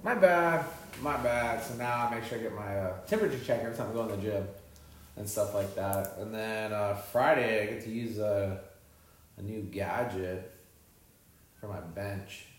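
A man chatting casually on a podcast, telling stories full of swearing, "like" and restarts. His voice sits at an ordinary pitch and rings with heavy room echo, as if recorded in a bare, hard-walled space. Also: fairly even intonation, moderate pace. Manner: profane, rambling storyteller with many fillers. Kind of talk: casual chat. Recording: echoey room.

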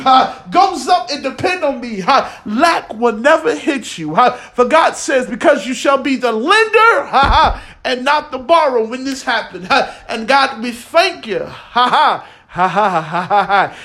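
High, fervent man preaching in an echoey room. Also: expressive, measured pace, few pauses, sharp tone. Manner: fervent, peppered with "uh" and "huh", breaking into laughter. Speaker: prophetic preacher. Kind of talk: prophetic preaching with speaking in tongues.

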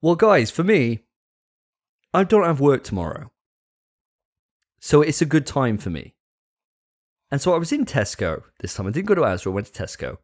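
A man's voice: mid-range voice, big pitch swings, normal speed, pauses often. A man hosting a casual podcast chat, joking with crude banter. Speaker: podcast host.

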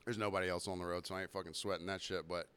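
A young man hosting a podcast, telling a rambling, profane, self-mocking story while getting over a sore throat and clearing it now and then. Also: sits low, flat delivery, rapid-fire, a bit bright. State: recovering from illness, throat clearing. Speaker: podcast host. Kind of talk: casual storytelling monologue.

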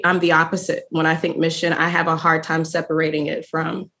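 A woman's voice: deep voice, little pitch movement, a little fast, gravelly, bright, forceful tone. A woman from the US Northwest co-hosting a podcast, speaking in a casual, earnest and reflective way. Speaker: podcast co-host. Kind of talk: casual chat.

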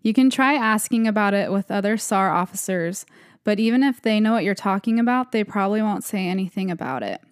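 With a brisk, expressive delivery at medium pitch, a young woman co-hosting a podcast casually recounts creepy stories, rambling and dropping "like" often. Her tone is clean, and the studio recording has no echo.

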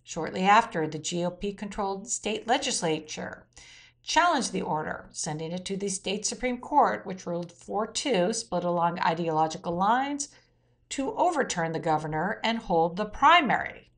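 A woman's voice: mid-range voice, lively intonation, moderate pace. A woman hosting a weekly news roundup, reading out quotes and adding blunt opinion asides. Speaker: news commentary host.

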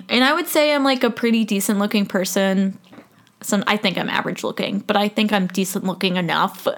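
A woman's voice: mid-range voice, a bit bright. A woman in her twenties hosting a solo podcast, talking frankly and casually, joking and laughing often. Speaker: podcast host.

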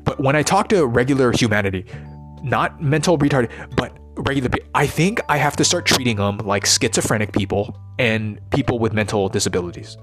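A man giving a rambling, profane, intense unscripted monologue as a vlogger. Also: medium pitch.

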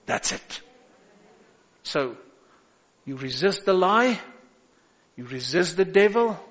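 A man's voice: sits high, expressive, takes it slowly, fairly bright tone. A man preaching a sermon as pastor, urging his listeners with repeated call-outs and rising exhortations. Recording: echoey hall, dull lo-fi sound.

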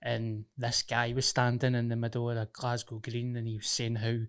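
A man's voice: medium pitch, completely flat delivery, normal speed, fairly bright tone, clear, resonant tone. A young Glaswegian man co-hosting a podcast, chatting casually with sweary banter and laughter while he has a cold. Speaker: podcast co-host. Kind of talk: casual chat.

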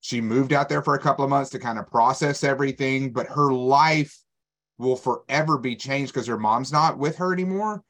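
A man's voice: medium pitch, normal speed, fairly bright tone. A man in a group discussion, explaining a point in an earnest way.

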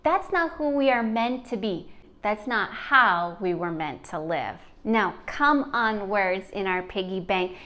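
Slow, encouraging woman podcast host. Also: medium pitch, animated. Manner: warm, encouraging, speaks directly to the listener. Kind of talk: faith-based motivational podcast talk.

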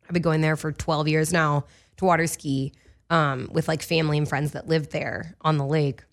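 Chatty young woman, lower voice. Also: fairly even intonation, normal speed. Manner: chatty, bubbly, heavy use of "like". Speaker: podcast guest, actor and voice-over artist. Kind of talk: casual chat.

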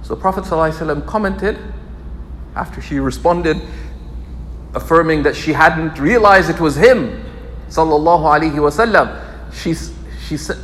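A man teaching a religious lecture, expressive and repeating key phrases for emphasis. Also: fairly high pitch, a little fast, pauses often, in a large hall, slight background noise. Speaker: Islamic scholar teaching. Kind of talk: lecture sermon.

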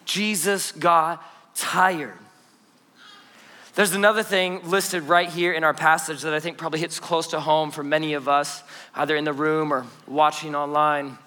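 A man in his thirties preaching an energetic, conversational sermon, lively and joking with playful asides as he tells stories. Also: fairly high pitch, moderate pace. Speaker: pastor. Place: church auditorium. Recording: long hall reverb in a church.

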